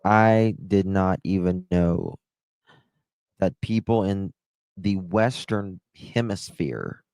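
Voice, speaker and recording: A man hosting a true-crime livestream, talking in a halting, distressed way as his voice drops low. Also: darkish tone, no echo. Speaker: livestream host.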